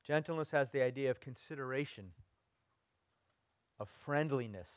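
A middle-aged male pastor preaching in a conversational way, letting phrases trail off softly and sometimes rising into loud, mock-stern lecturing. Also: medium pitch, normal speed, dry recording. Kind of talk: sermon.

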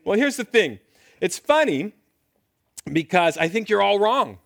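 A middle-aged male pastor preaching with a lively, swooping delivery that rises and falls a lot. He talks playfully and keeps tossing questions back at the congregation. His voice sits a little high for a man. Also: unhurried, creaky, no room sound. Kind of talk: sermon.

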